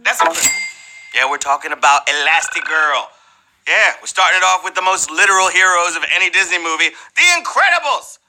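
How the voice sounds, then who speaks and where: A man hosting a live trivia game show in a playful, slangy, animated way, teasing the players. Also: high-pitched, fairly quick, background noise.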